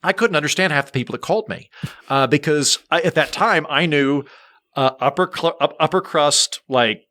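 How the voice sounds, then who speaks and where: An American man talking in a lively, rambling way, full of jokes and quick restarts. His voice sits a little high and sounds bright and forceful. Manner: animated, rambling, jokey, with frequent restarts. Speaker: podcast guest, comedian. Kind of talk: casual chat.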